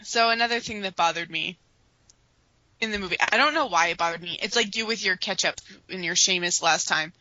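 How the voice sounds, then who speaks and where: A woman co-hosting a casual podcast, easygoing and animated when she tells a story. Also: mid-range voice, brisk, muffled recording. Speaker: podcast co-host. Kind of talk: casual fan podcast chat.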